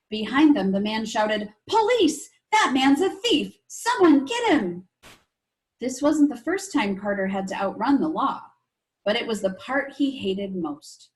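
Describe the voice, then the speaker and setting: A woman teacher reading a chapter book aloud to her class, expressive and stopping to explain things to the children. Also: mid-range voice, low-quality recording. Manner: expressive, asides to young listeners.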